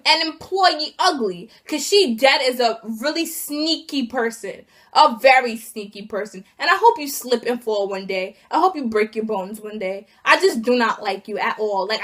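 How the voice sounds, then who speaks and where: A young woman vlogger telling an indignant, animated story about being fired, acting out each side of the conversation. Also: high-pitched. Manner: indignant, animated retelling with acted quotes. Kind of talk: casual storytime rant.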